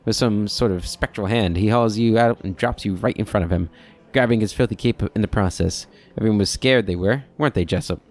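A man's voice: fairly low pitch, a little fast, few pauses, natural voice. A man voicing a rambling, nostalgic old male keeper who chatters in a folksy, reminiscing way. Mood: chuckling.

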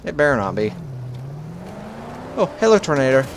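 A man's voice: mid-range voice, expressive, unhurried, long pauses, a little hiss or hum. A man giving casual, joking gameplay commentary, swearing freely and talking back to the characters on screen. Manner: profane, joking, talks back to the game. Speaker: video game let's player.

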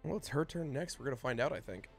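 A man running a tabletop role-playing game as dungeon master, narrating in a casual, halting way with frequent restarts. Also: medium pitch, animated, slightly rough, soft background music. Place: home streaming setup.

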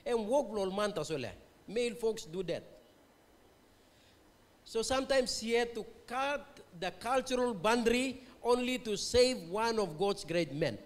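High-voiced Papua New Guinean preacher, echoing hall. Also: male voice, animated, measured pace. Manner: mixes English and Tok Pisin, quizzes the congregation. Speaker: pastor. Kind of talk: revival sermon. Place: church hall. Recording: long church-hall reverb.

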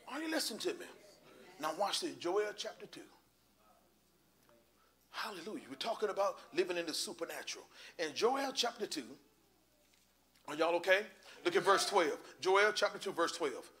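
A middle-aged man, a pastor preaching a sermon that rises from hushed storytelling to shouting fervor. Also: sits high, animated, moderate pace.

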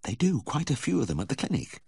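A man's voice: mid-range voice, big pitch swings, fast, vocal fry, a little mellow, breathy edge, no room sound, pitched above the performer's own voice, heavily acted. A man voicing a nervous young male veterinary student who stammers and hesitates, in a dry, close audiobook reading. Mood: sheepish.

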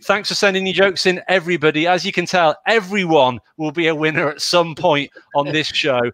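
A man's voice: on the high side, fairly even intonation, brisk, a bit bright, dry recording. A man from Wales, the show's producer, reading viewer jokes aloud in a casual, chuckling way and tripping over names. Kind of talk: casual online show chat.

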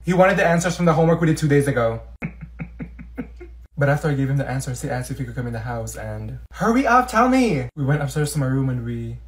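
A man performing short comedy skits, switching quickly between several schoolgirl characters and breaking into sassy shouted outbursts. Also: medium pitch. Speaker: comedy sketch creator.

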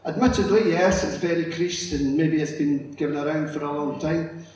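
A middle-aged man giving a lively, storytelling conference talk and acting out the characters. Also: on the high side, normal speed. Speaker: conference speaker. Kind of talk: illustrated public lecture. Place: conference hall. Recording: echoey hall, distant mic, faint noise.

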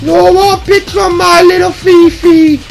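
Falsetto scold: man playing a shrill mother, yelling, foul-mouthed, nagging. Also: level tone, measured pace, vocal fry, soft background music, heavily acted. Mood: doting. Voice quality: screeching falsetto, yelled from afar. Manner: nagging, swearing, threatening. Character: shrill scolding working-class mum, middle-aged woman.

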